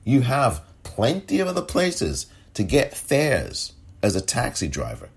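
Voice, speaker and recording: A man hosts a political podcast, speaking alone with impassioned indignation and mocking the people he discusses through impersonations. His medium-pitched voice swoops wildly, and he speaks unhurriedly with vocal fry and a breathy edge.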